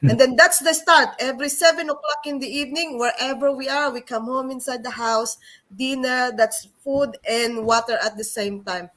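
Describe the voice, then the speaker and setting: Woman, lively storyteller, slightly high voice, video call chat. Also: normal speed. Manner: animated, acts out quoted voices, non-native English. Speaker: co-host.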